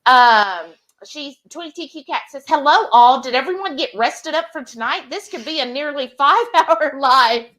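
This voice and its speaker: A woman co-hosting a live cooking stream, greeting viewers by name and reading their comments aloud in an animated way. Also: sits high, normal speed, few pauses.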